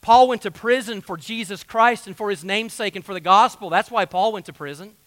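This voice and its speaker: A man's voice: sits high, a little fast, fairly bright tone, dry recording. A man preaching a sermon in a folksy, conversational way, full of asides to the congregation. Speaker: pastor.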